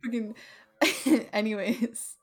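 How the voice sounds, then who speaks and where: A woman's voice: a little high, slow, husky. A young woman co-hosting a podcast, chatting casually and laughing often. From New Jersey family roots. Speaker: podcast co-host. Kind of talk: casual chat.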